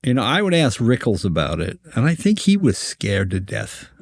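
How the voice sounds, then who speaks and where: Older man telling lively stories. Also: medium pitch, moderate pace, gravelly, no room sound, clean studio sound. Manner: animated, acts out voices in his stories, stammering restarts. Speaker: guest comedian. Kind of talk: anecdotal storytelling on a podcast.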